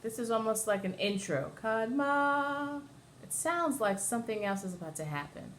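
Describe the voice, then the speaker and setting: A fast-talking woman with a medium-pitched voice leads an online Torah chanting lesson at home, slight background noise and a running dishwasher behind her. The cantor explains each step and sings short examples of the trope names.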